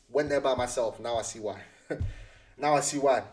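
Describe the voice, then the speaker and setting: A man's voice: mid-range voice, normal speed, distant mic. A young man chatting casually, full of slang and repeating his phrases as he rambles. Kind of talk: casual chat.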